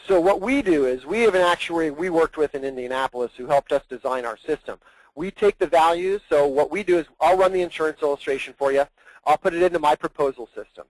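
A man with a somewhat high voice explains an administrative process on a training call. He is earnest and thorough, often doubling back on his words, and the sound is dry and close. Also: quick pace, no room sound, low-quality recording. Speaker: plan administrator guest.

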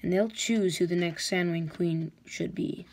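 Woman voicing a captive male ice dragon, wounded and defiant, desperate, gravelly and low, storybook figure. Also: unhurried, a little mellow, slight background noise. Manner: pained, desperate.

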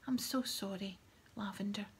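A woman reading as an earnest, bookish teenage girl, quick and insistent. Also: medium pitch, slight background noise, close to an everyday voice. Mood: anxious.

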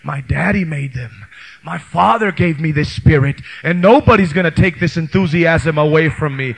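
A male pastor preaching a bilingual sermon, switching between English and Spanish and building to shouted praise, on an old cassette tape recording. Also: a little high, normal speed, creaky. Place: church youth camp service.

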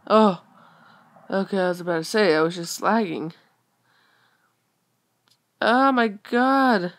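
A young woman giving casual game commentary, excitable, exclaiming and muttering to herself as she plays. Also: mid-range voice, takes it slowly, long pauses. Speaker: gaming video creator.

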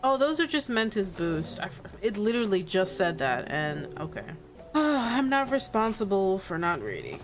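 A young woman playing a video game and chatting casually as she goes, excitable and giggly. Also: mid-range voice, moderate pace, over music. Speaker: gaming streamer. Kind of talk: casual let's-play commentary.

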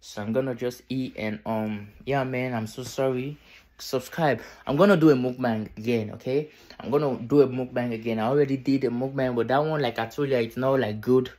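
A tired young man vlogging from his bedroom at night, keeping his voice low and repeating himself. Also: fairly even intonation, a little fast. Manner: tired, quiet near-whisper, repetitive. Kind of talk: casual vlog talk to camera.

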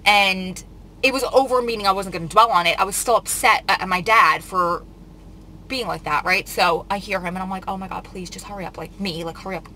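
Upset lady venting on her vlog, rambling w lots of likes, kinda tense sharp voice. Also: mid-range voice, slight background noise, poor audio. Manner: emotional, rambling, many "like" fillers. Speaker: vlogger. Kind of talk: casual confessional storytime.

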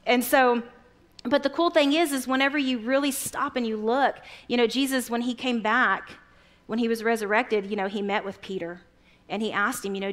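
Woman preacher, conversational sermon, fairly high voice, animated storytelling with quoted voices. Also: brisk. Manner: chatty, retells Bible stories with quoted voices.

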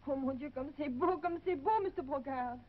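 An actress playing a homesick young French woman with a French accent, high, tearful and pleading, in 1930s film acting on a dull 1930s film soundtrack. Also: a little fast, natural voice. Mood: excited.

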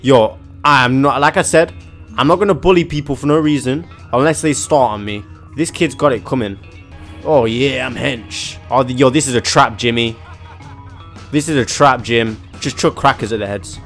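A young man giving excitable, slangy commentary on a video game, often yelping and laughing. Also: medium pitch, normal speed, faint music behind. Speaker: gaming YouTuber. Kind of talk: gaming commentary.

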